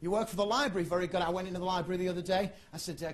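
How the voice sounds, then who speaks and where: An English man works a comedy club crowd as a magician, his voice sitting fairly high. He delivers his jokes deadpan and keeps up loose banter with the audience. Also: very fast. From England. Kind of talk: stand-up comedy with magic tricks.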